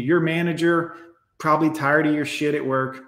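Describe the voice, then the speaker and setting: A man's voice: fairly high pitch, fairly even intonation, moderate pace, fairly bright tone, echoey room. A man hosting a livestream who rants bluntly and swears often as he speaks straight to his viewers. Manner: blunt, profane, emphatic ranting; addresses viewers directly. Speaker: livestream host. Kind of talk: ranting livestream commentary.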